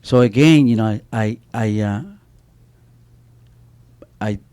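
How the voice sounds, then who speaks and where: A man's voice: lowish voice, slow pace, warm tone, smooth. A middle-aged man speaking on an author panel, telling stories animatedly with many restarts and a repeated "you know.". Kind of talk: panel talk with spoken storytelling.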